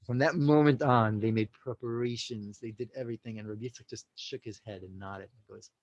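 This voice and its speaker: Through a muffled recording, a podcast guest from the United States spins a lively, laid-back story in a mid-range voice, fairly quick and fairly even in intonation. He voices the quotes himself, leans heavily on "like" and "you know," and slips in Yiddish and Hebrew religious words.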